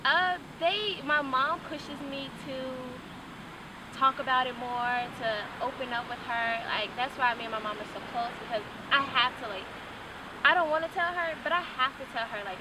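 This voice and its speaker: A woman's voice: sits high, moderate pace. A young woman giving an earnest, candid interview, with casual fillers and restarts. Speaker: interview guest. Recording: noisy, from a distance.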